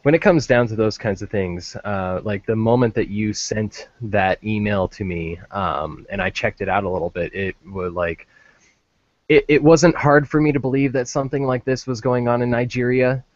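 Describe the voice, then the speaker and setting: A man's voice: on the low side, fairly even intonation, normal speed, no room sound, muffled recording. A man hosting a podcast in casual chat, laid-back, swearing freely and leaning on fillers. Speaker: podcast host.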